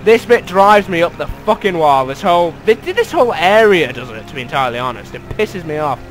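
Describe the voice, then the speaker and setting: High, bright sweary gamer. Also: male voice, big pitch swings, a little fast, faint music behind, poor audio. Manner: sweary, sarcastic, exasperated. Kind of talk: let's play commentary. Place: bedroom at home.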